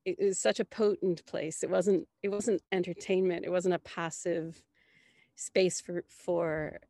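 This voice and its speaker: A woman from Canada, a guest in an interview, telling a story in an animated way with high bursts of laughter and many restarts. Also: no echo, studio quality.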